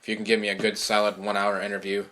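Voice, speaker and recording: A man's voice: lowish voice, monotone, racing, sharp tone. A man hosting a casual podcast, blunt and laughing often, who swears freely. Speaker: podcast host.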